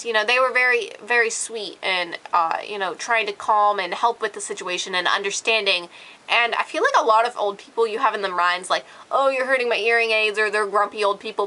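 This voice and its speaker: A woman's voice: medium pitch, pushed and bright, rough recording. A woman of about nineteen ranting casually to her viewers, irritated and sarcastic, with lots of "like" fillers. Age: late teens. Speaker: vlogger. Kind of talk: casual rant to camera.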